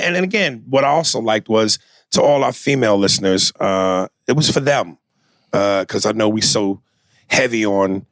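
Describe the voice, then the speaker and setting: A man's voice: fairly low pitch, a bit bright, no room sound. Joking podcast host man, dry close sound. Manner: loose, joking, crude. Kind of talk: casual comedic podcast chat and reading listener email. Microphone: studio mic with headphones.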